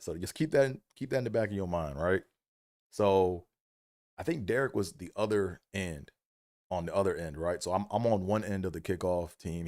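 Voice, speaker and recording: Man with a very deep voice, laid-back profane comedic storyteller, dry sound. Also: no echo. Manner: casual, profane, slangy.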